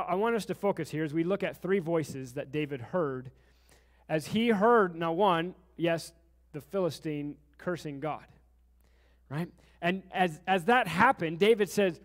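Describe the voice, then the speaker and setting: A man's voice: a little high, animated, measured pace, big-room sound. A man preaching a sermon as pastor in a church, building intensity and asking the congregation questions as he goes. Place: church sanctuary.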